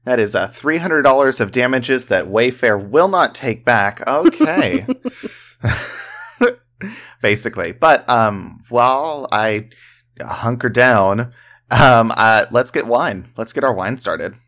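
A podcast co-host in a relaxed casual chat, dropping wry asides. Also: mid-range voice, slow pace.

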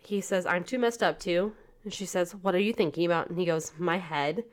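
Brisk and lower in pitch, this female podcast co-host talks earnestly in a casual show and reads text messages out in a flat, plain voice.

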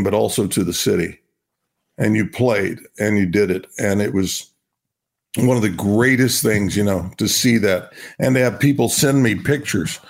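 An older man from Oklahoma, a retired ballplayer, telling stories in a rambling, repetitive way as an interview guest. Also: medium pitch. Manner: rambling, repeats himself, laughs while talking. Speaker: guest, retired baseball star. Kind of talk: casual interview storytelling.

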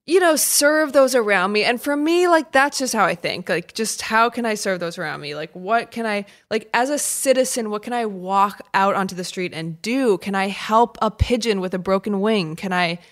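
A woman co-hosting a podcast in casual chat, joking and self-deprecating with quick asides. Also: medium pitch, lively intonation. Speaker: podcast co-host. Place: remote call.

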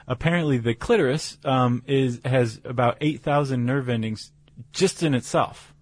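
A man's voice: medium pitch, normal speed, no echo. Man chatting casually about science. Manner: explaining with fillers and restarts. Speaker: podcast co-host.

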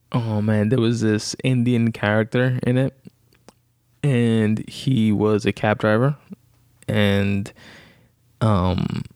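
A man's voice: lowish voice, vocal fry, darkish tone, no room sound. A young man talking casually about a film he saw, dry and sarcastic, full of fillers and swearing. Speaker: vlogger. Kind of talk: casual movie review chat.

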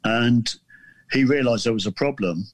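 This southern English guest author spins a story casually, stumbling into restarts and poking fun at himself as he rambles. His voice sits at a medium pitch, with no room sound audible.

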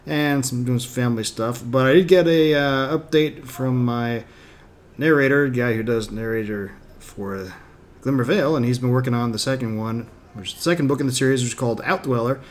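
Relaxed male host, chatty, unscripted intro, ordinary pitch. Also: fairly quick, slight background noise. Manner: relaxed, filler-heavy. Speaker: author and podcast host. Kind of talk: casual spoken intro.

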